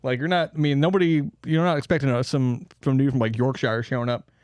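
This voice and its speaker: A man's voice: mid-range voice, steady tone, quick pace, darkish tone, smooth, dry recording. A man hosting a podcast, telling a story in casual chat, laughing often, swearing and joking around.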